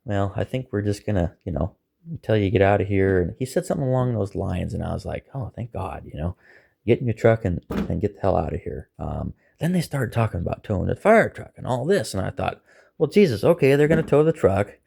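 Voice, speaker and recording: Casting: gravelly, raspy man, lively pitch, loose conversational storyteller. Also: fairly quick. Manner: animated, acts out quoted voices, chuckles. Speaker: storyteller recounting an arrest. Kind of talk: casual storytelling monologue.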